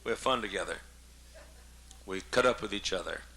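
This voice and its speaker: A man's voice: fairly low pitch, a little fast, bright, forceful tone, husky. A man in his seventies, a pastor preaching a humorous sermon in a folksy, joking way, coughing often. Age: 70s.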